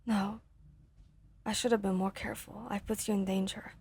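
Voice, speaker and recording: A woman voicing an earnest, guilt-ridden young man who apologizes anxiously and rushes his words. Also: medium pitch, flat delivery, gravelly, darkish tone, breathy edge. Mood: apologetic.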